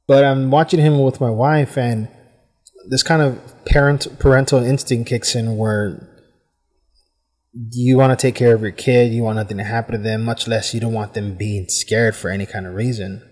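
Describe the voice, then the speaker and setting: American man, podcast host, mid-pitched, casual reflective monologue with rambling fillers, long echoing reverb. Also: fairly even intonation, normal speed, a little mellow. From United States. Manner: rambling, thoughtful, many "I mean" fillers. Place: hot room at home with fans running.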